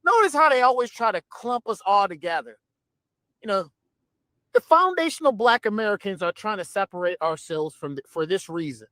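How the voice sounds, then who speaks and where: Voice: mid-range voice, expressive, normal speed, fairly bright tone, no echo, clean studio sound. A speaker in a played commentary clip, ranting in a confrontational way.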